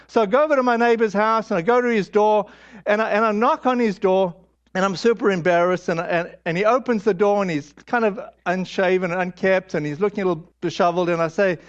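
A man with a high voice preaches a storytelling sermon, halting and candid, full of fillers and restarts. The sound is dull and lo-fi, like an old sermon recording. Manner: candid, self-deprecating.

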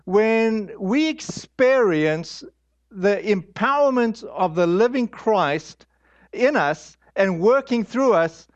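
A man preaching a storytelling sermon, halting and candid, with frequent fillers and restarts. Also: high-pitched, animated, highs cut off. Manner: candid, self-deprecating.

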